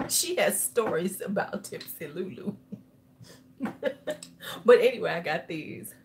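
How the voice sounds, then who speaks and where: Slightly tipsy woman chatting on a makeup livestream, loose and loud, cusses a lot. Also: mid-range voice, animated, slow, a little hiss or hum. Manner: tipsy, loud and chatty, swears freely, laughs often. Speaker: beauty YouTuber. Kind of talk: casual livestream chat.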